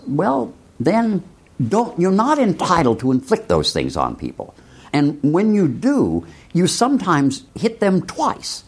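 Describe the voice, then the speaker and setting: A man's voice: a little high, a little mellow, breathy edge. A man from rural Illinois, a philosophy professor, musing aloud in a reflective lecture-style talk full of rhetorical questions and asides. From rural Illinois, USA.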